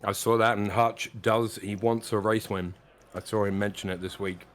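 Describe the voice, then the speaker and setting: Male co-commentator, low voice, joking around, still getting over a cough. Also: steady tone, normal speed. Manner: jokey, banters with co-host. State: recovering from a cough. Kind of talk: live race commentary.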